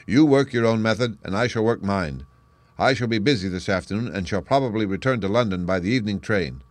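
A man voicing a confident male detective in an audiobook, crisp and brisk, pitching his voice up and speaking louder for the role. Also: no room sound, close to an everyday voice. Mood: cool. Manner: brisk, crisp, declaiming deductions. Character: sharp, confident male detective, lively and assured. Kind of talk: audiobook character reading.

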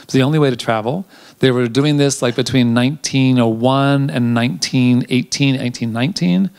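Guy from a theater talking behind the scenes, medium voice, lots of ums, gets animated telling stories. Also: medium pitch, normal speed, creaky, clean tone. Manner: animated storytelling, chatty with frequent ums. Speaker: theater director.

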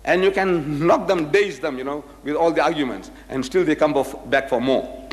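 His voice sits on the high side and his pace is moderate as he lectures to an audience. He's a lively storyteller who acts out every bit of quoted dialogue, all captured with echoey hall reverb.

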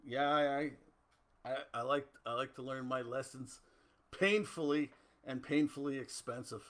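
A man's voice: medium pitch, measured pace, fairly bright tone. A middle-aged man from Canada hosting a casual livestream, chatting loosely and answering viewer comments. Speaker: host.

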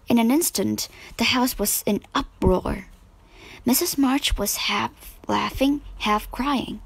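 A woman reading a children's storybook aloud as narrator, slow and measured. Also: fairly high pitch, gravelly, breathy edge, low-quality recording.

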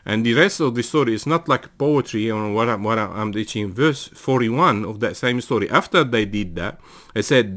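Earnest preaching man, halting delivery. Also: medium pitch, expressive, a bit bright. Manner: earnest preaching with frequent fillers and restarts, rising to emphatic calls. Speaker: pastor. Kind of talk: sermon.

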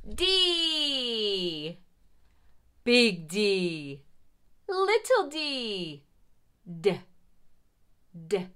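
Slow sing-song preschool teacher woman. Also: medium pitch, big pitch swings, pushed and bright. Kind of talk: children's lesson.

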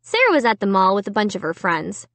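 A woman narrating a children's book in an unhurried, expressive first-person telling. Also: medium pitch, no room sound. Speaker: audiobook narrator. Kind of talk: storybook narration.

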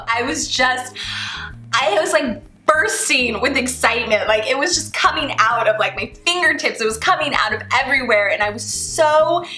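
Bright young woman telling a story. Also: on the high side. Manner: animated, acts out quoted dialogue. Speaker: flight attendant vlogger. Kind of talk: personal storytelling to camera. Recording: roomy echo, faint music behind.

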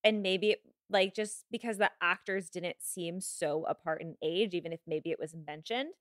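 Bright, jokey woman in podcast chat. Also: on the low side, moderate pace, dry recording, studio quality. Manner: animated, jokey, laughs between remarks. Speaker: podcast guest. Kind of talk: casual chat.

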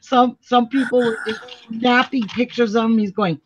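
A woman's voice: a little high, normal speed, a bit bright. A middle-aged woman hosts a casual quilting tutorial at home, chatting and laughing often as she tells stories while she sews. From Canada. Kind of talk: casual craft tutorial chat. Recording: dull lo-fi recording with faint noise.

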